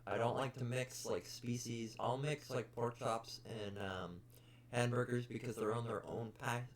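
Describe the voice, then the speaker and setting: A man's voice: medium pitch, fairly even intonation, unhurried, a little hiss or hum. A young man hosting a casual podcast, bluntly ranting about customers with plenty of swearing. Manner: blunt, profane, exasperated. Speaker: podcast host. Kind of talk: casual storytelling rant.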